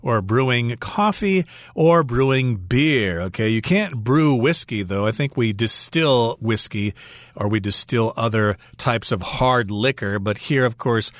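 A man co-hosts a radio English lesson and explains phrases with everyday examples. His voice sits at a middle pitch. The studio sound is dry and close. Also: animated, measured pace, dry recording. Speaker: English teacher co-host.

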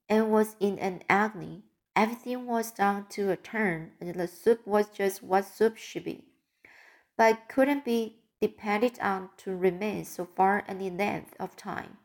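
A woman reads a classic novel aloud at a slow, careful pace. She sometimes stops partway through a word and starts it again. Her voice sits at a middle pitch. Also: a little mellow. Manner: careful, with frequent restarts of words. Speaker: audiobook reader. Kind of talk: audiobook narration.

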